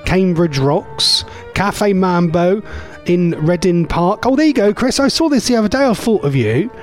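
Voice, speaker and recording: Male local-radio presenter, chatty and rambling, fairly high, lively pitch. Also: normal speed, soft background music. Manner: rambling, chatty, laughs often. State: voice going hoarse. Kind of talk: casual radio chat.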